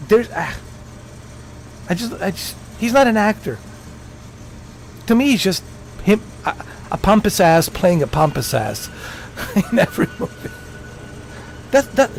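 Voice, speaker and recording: A man's voice: fairly high pitch, a little hiss or hum, low-quality recording. A man hosting a gaming livestream, ranting casually with lots of stumbles and restarts. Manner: rambling, opinionated rant with many restarts.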